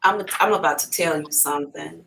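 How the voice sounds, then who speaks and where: Bright-voiced blunt woman psychic. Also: low voice, fairly quick, creaky, slight background noise. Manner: blunt and profane, animated storytelling. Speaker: psychic reader hosting a live stream. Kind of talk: casual live reading.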